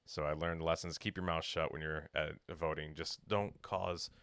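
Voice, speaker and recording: A man's voice: a bass voice, steady tone, normal speed, a bit bright, smooth, no echo. A young man co-hosting a podcast, telling a long jokey story in casual banter and acting out the people in it. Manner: rambling storyteller, jokey, acts out quotes. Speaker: podcast co-host.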